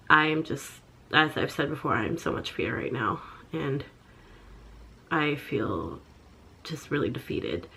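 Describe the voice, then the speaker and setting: A young woman vlogging in a halting, upset way, full of pauses and fillers. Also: deep voice, fairly bright tone. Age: young adult. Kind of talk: personal confessional vlog.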